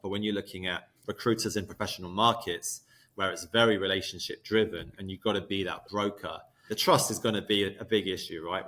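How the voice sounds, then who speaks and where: Thoughtful low-voiced man. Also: fairly bright tone. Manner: thoughtful, explaining use cases step by step. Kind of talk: conversational interview talk.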